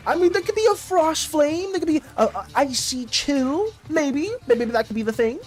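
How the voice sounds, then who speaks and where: A young adult streamer chatting casually with viewers, rambling and animated, with plenty of restarts and fillers. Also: high-pitched, normal speed, few pauses, soft background music. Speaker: livestreaming artist chatting with viewers. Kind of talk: casual livestream chat.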